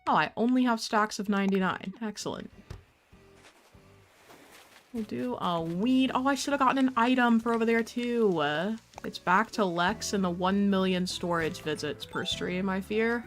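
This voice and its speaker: A woman's voice: medium pitch, moderate pace, faint music behind. A young woman casually chatting on a game stream, playful and talkative, talking to her cat and viewers.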